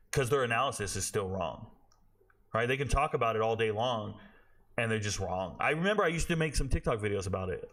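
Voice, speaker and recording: A man's voice: on the low side, fairly bright tone. A man in his forties hosting a sports show, ranting bluntly in casual talk and swearing freely. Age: 40s.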